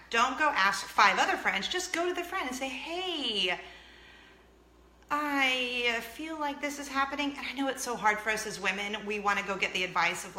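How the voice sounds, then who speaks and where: A woman's voice: mid-range voice, pushed and bright, echoey room, a little hiss or hum. A woman in her thirties hosting a casual vlog, chatty and self-mocking, laughing often and acting out what people said. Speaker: vlog host. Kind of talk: casual chat to camera.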